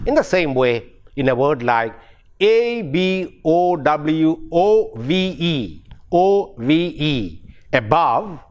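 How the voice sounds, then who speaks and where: A middle-aged man with an Indian English accent teaching pronunciation, spelling words out letter by letter and repeating key words. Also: a little high. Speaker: university English professor. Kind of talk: pronunciation lecture.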